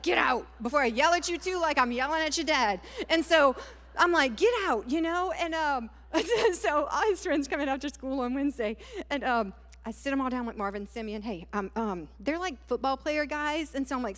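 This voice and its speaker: A woman, giving a personal testimony sermon at a conference in a lively storytelling way. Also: high voice. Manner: lively storytelling, many "like" and "y'all". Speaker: conference speaker. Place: large church hall. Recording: hall with long reverb.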